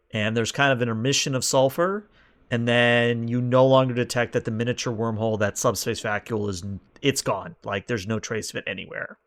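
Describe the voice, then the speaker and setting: A man narrating as game master of a science fiction tabletop game, in a relaxed, explanatory way. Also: medium pitch.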